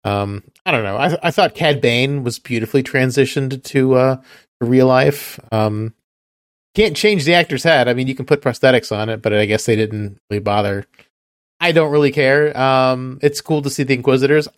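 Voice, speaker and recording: A man hosting a podcast in casual chat, rambling and halting and chuckling often. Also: medium pitch, no echo, clean studio sound. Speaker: podcast host.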